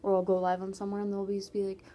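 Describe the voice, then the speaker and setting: A woman's voice: medium pitch, monotone, very fast, mellow, slight background noise. A teenage girl from Canada, chatting casually in a Q&A vlog with many "like"s and trailing asides. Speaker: vlogger.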